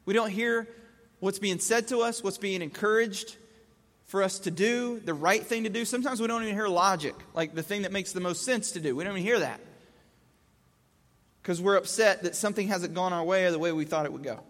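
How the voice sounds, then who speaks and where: A man's voice: sits high, a little fast, fairly bright tone, in a large hall. A man giving a conversational Bible teaching, casual, asking rhetorical questions and restating verses in plain words.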